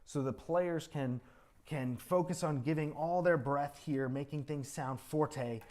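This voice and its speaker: A man's voice: fairly high pitch, measured pace, darkish tone. A man teaching a composition master class, coaching a student at a rehearsal, often singing rhythms aloud to show how a passage should sound. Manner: encouraging, sings rhythms aloud to show phrasing. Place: music school rehearsal room with an ensemble.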